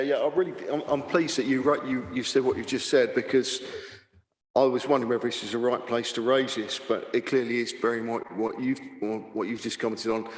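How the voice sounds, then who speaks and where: A man speaks earnestly at a council committee in a flat, even voice with little rise and fall. He restarts his phrases now and then. The chamber is echoey, with a long reverb. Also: medium pitch. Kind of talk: committee remarks.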